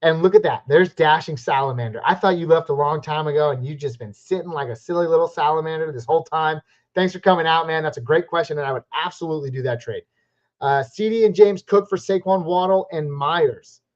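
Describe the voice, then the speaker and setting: A man from the West Coast hosting a live Q&A stream, chatty and upbeat, giving quick verdicts on viewer questions. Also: fairly high pitch. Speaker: fantasy football live stream host. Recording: slightly muffled lo-fi stream audio.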